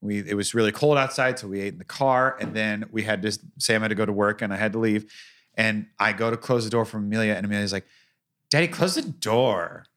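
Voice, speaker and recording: A father in casual chat, telling animated stories about his daughter and acting out the quoted voices. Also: on the low side, brisk.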